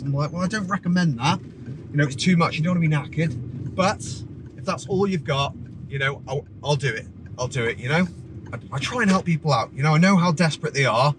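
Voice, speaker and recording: A man, a driving instructor, telling a story in a rambling, animated way with many restarts. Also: on the high side, background noise. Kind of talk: casual storytelling vlog. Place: outdoors by a parked car.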